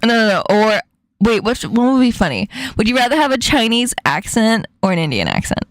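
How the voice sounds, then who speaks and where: High-pitched giggly woman streamer. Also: very animated, brisk, no echo. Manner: giggly, laughs often, swears casually. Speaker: streamer host. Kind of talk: casual chat.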